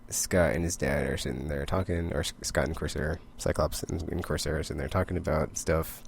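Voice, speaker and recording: A man's voice: very deep voice, steady tone, a little fast, gravelly, a little hiss or hum. A young man casually recapping comic issues in a rambling way, full of fillers and quoted character lines. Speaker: comic book vlogger.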